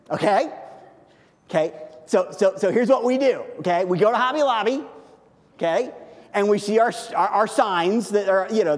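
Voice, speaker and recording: A man preaching a sermon as a pastor, conversational and animated, often checking in with "okay?". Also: a little high. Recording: long hall reverb.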